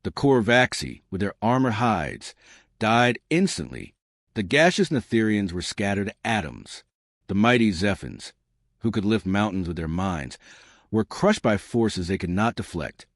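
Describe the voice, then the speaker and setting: A man voicing a giant, solemn male crystal alien leader who speaks in a slow, grave, formal way. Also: animated, no echo, studio quality. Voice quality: deep hushed voice. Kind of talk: audiobook narration.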